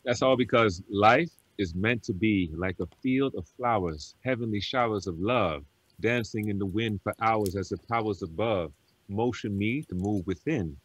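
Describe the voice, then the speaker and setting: A man's voice: lowish voice, normal speed, husky, no echo, poor audio. A man who is a guest on a podcast, reciting a spoken-word poem in a rhythmic, rhyming delivery.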